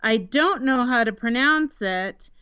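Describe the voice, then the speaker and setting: A woman's voice: on the high side, expressive, measured pace, clean tone, no echo. A woman co-hosting a casual podcast, playful, spelling names out letter by letter. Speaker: podcast co-host. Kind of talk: casual chat about baby names. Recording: dry, slightly dull sound.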